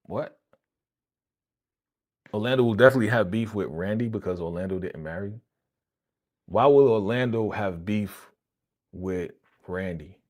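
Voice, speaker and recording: Hosting a live reaction stream, a man with a low voice riffs loosely and casually. He speaks in an animated, slangy manner straight to the viewers in his chat, unhurried and pausing often.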